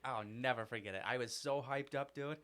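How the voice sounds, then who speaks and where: Young male co-host, animated, rambling storytelling chat. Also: medium pitch, brisk, dry recording. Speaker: podcast co-host.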